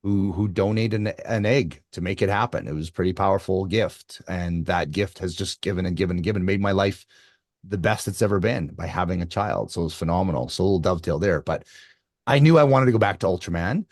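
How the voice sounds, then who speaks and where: A man in his fifties, an endurance athlete guest, telling his story in an interview with lively energy and many restarts. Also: low voice, a little fast, no echo, clean studio sound. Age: 50s.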